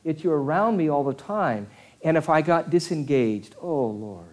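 A man preaching a conversational sermon, asking his listeners questions and swinging from quiet, hushed asides to loud, acted outbursts. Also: a little high, animated, moderate pace. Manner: conversational, asks the audience questions.

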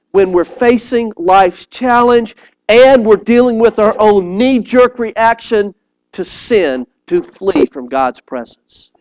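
A man's voice: high-pitched, dry recording, rough recording. A man, recorded close and dry. He tells stories with animation, doubles back over his words, and keeps asking his congregation if they are with him. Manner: animated storyteller, repeats words and phrases; earnest, appeals directly to listeners. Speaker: preacher. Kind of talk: sermon.

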